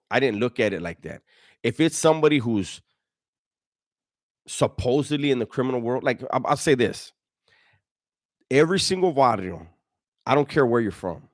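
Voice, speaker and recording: A man's voice: medium pitch, dry recording, clean studio sound. A middle-aged man hosting a casual livestream, telling stories and answering viewers in profane street slang with many restarts. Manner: profane, slang-heavy storytelling, frequent restarts. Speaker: livestream host. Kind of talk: casual livestream chat reading viewer donations and comments.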